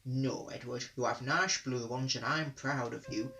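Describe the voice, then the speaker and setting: A man's voice: medium pitch, fairly even intonation, measured pace, sharp tone, distant mic, faint music behind, low-quality recording. A man voicing a stern but kindly male railway boss, firm and authoritative.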